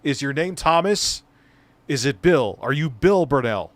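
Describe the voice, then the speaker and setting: A man's voice: fairly high pitch, animated, a little slow, a bit bright, no echo. A middle-aged man hosting a live stream, reacting to a clip with casual, mocking, profane commentary.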